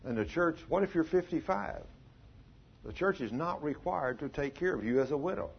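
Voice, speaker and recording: A man preaching a sermon as a pastor, telling stories in a folksy way with dramatic pauses. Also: on the high side, animated, gravelly, husky. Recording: dull lo-fi recording.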